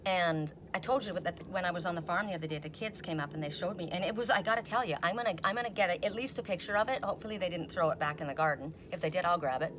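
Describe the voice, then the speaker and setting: A middle-aged woman reading oracle cards in a casual, rambling chat, telling stories and quoting people in animated voices. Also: on the low side, rapid-fire, hardly any pauses, background noise. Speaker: oracle card reader. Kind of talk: casual chatty video reading.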